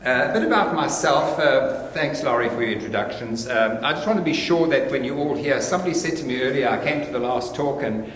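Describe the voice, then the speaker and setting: A man's voice: medium pitch, brisk, hardly any pauses. Older South African-accented man, chatty lecture, echoey hall with long reverb, faint hiss. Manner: conversational, digressive, good-humoured. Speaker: guest lecturer. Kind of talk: informal lecture.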